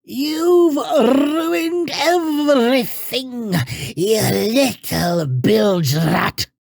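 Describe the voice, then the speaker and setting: A woman voicing a snarling male pirate villain who growls slow threats. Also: mid-range voice, big pitch swings, no room sound, studio quality, voice pushed down, full character voice. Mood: menacing.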